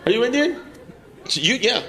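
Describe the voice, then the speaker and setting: A man's voice: extremely high pitch, big pitch swings, normal speed, pushed and bright. A young man doing crude, teasing stand-up crowd work in a crowded airport terminal venue. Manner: brash, teasing, crude banter with audience. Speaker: stand-up comedian. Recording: noisy live crowd. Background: crowd laughter and terminal ambience.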